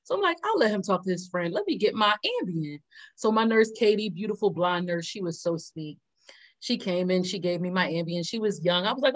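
Co-hosting an easygoing conversation, this woman recounts a story at a brisk clip in a fairly low voice. She's lively throughout, frequently laughing and acting out what people said.

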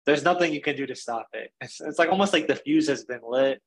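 A man's voice: mid-range voice, quick pace, poor audio. A man in casual film discussion, thoughtful and a bit hesitant as he searches for words.

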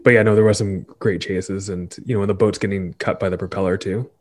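Um homem num podcast conversando sobre um filme, provocando os amigos e rindo bastante. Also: male voice, low voice, fairly even intonation, fast. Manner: laughs often, teasing. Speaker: podcast co-host. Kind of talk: casual movie review chat.

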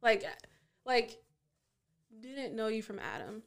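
Woman from Southern California, podcast guest, somewhat high voice, earnest friendly pushback. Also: big pitch swings, takes it slowly, gravelly. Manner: earnest, pushes back in friendly argument. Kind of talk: casual chat.

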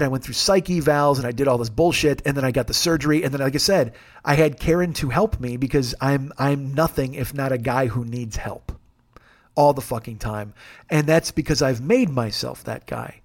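A man's voice: medium pitch, normal speed. A middle-aged man talking in a candid, profane, self-deprecating way, rambling and restarting as he hosts a confessional podcast monologue. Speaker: podcast host.

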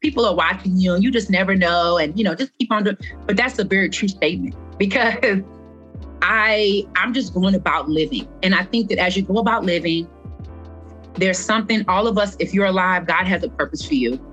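A woman's voice: medium pitch, brisk, fairly bright tone, lo-fi sound, soft background music. A woman, a fitness instructor, speaking earnestly as a podcast guest and repeating phrases for stress. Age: adult past her twenties. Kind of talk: heartfelt podcast conversation.

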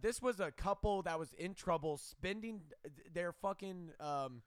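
High-voiced rambling guy podcaster. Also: unhurried, clean tone, dry recording, clean studio sound. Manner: rambling, swearing, jokey. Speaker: podcast co-host. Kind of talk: crude casual banter.

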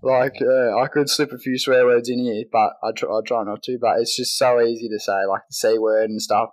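A man's voice: mid-range voice, fairly even intonation, brisk. A young Australian man co-hosting a podcast, chatting casually with plenty of swearing and laughter. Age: young adult. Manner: crude, laughing, swears a lot. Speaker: podcast co-host. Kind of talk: casual banter.

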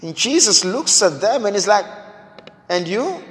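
Man, preacher, high voice, long reverb, dramatic rhetorical questions. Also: expressive, a bit bright. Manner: slow, dramatic delivery with repeated rhetorical questions. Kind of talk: sermon.

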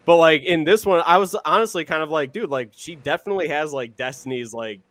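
A man's voice: a little high, brisk, fairly bright tone, no room sound. A young man co-hosting a podcast, talking in a rambling, casual way with many fillers and some swearing. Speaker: podcast co-host. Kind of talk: casual chat.

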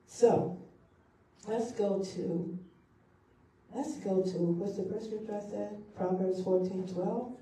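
A woman's voice: mid-range voice, fairly even intonation, slow, long pauses, warm tone, slight background noise. A woman pastor preaching a sermon, repeating key phrases for emphasis. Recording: echoey hall from far off.

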